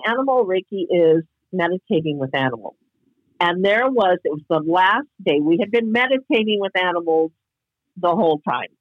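A woman's voice: lowish voice, dry recording, phone-quality sound. A woman guest telling a reflective personal story in casual podcast talk, heard over a call. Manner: earnest, reflective, spiritual storyteller.

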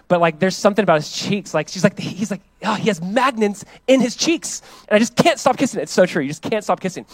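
A man in his thirties preaching a conversational sermon, animated, with playful asides and acted-out quotes. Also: sits high, no echo, rough recording. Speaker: pastor.

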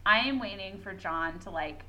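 A young woman co-hosting a podcast, retelling a story excitedly with lots of fillers and swearing. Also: mid-range voice, moderate pace, slight background noise, rough recording. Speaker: podcast co-host. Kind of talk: casual fandom chat.

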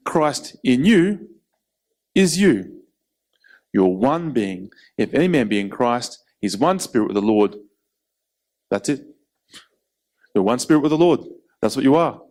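A man preaching a sermon in an animated way, acting out quoted voices. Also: mid-range voice, measured pace, long pauses. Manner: animated, acts out quotes, laughs between points.

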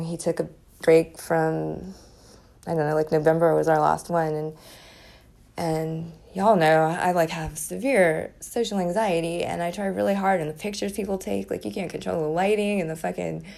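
A woman in her forties chatting alone on her podcast, blunt and profane, laughing between thoughts. Her voice sits a little low and carries a gravelly fry, and a chipped tooth gives her s sounds a slight lisp. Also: a little mellow. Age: 40s. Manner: candid, profane, laughs often. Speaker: podcast host. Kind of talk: casual solo podcast chat.

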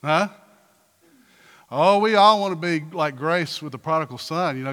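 A man preaching a sermon in a church, animated, firing rhetorical questions and acting out quotes. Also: fairly high pitch, moderate pace, clean tone, big-room sound. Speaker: pastor.

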